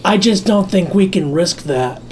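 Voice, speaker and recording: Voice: medium pitch, lively intonation, unhurried, darkish tone, a little hiss or hum. A player of a tabletop game, talking casually with frequent fillers. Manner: casual, lots of fillers like 'like'.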